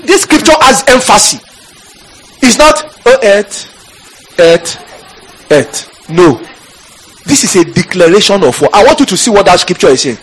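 Man, preacher, sermon in church, high husky voice, bursts into shouting. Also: very animated, normal speed, long pauses, low-quality recording. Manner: fiery, shouts scripture, calls on the congregation.

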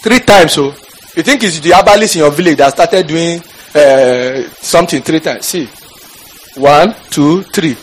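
A man preaching a fiery sermon in church, shouting out scripture and calling on the congregation. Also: fairly high pitch, a little slow, breathy edge, rough recording.

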